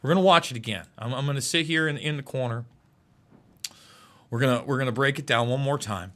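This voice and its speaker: A man's voice: mid-range voice, brisk, fairly bright tone. A man hosting live political commentary, emotional and repeating himself as he stumbles over words.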